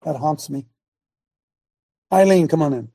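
Husky, dark-voiced fervent male host. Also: fairly high pitch, unhurried, no echo. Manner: fervent, emphatic, repeats phrases. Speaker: talk show host. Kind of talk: preaching call-in talk.

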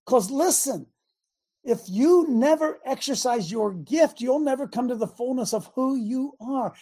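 A man's voice: very high-pitched, lively intonation, unhurried, dark tone. A man in his sixties preaching a sermon in a folksy, impassioned way and repeating lines for emphasis. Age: 60s. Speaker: preacher and show host.

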